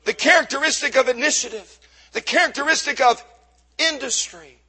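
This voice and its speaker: A man preaching a sermon, fervent, swinging between shouts and hushed asides. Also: very high-pitched, fairly quick. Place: church service.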